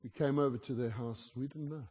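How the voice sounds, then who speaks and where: A man's voice: medium pitch, fairly even intonation, brisk, a little mellow, slightly rough. A man from South Africa with a South African accent, preaching a humorous sermon as a guest. He tells stories in a chatty way and teases the audience. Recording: long reverb of a large hall.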